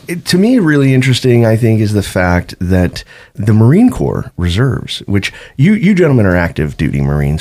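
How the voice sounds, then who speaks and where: A man's voice: lowish voice, darkish tone. A man hosting an interview show, asking curious questions with enthusiasm. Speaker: podcast host. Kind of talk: interview talk.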